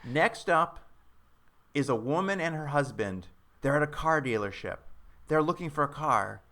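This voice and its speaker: Brief: male podcast co-host, lively storyteller, bright voice, jumps into mocking character voices. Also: fairly high pitch, normal speed. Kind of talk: casual comedic recap chat.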